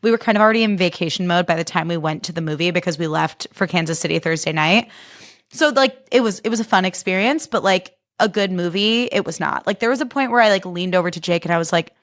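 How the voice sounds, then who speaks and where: A woman's voice: lowish voice, quick pace, a bit bright, no room sound, studio quality. A woman podcast host and comedian in a casual comic monologue, chatty and sarcastic, full of fillers.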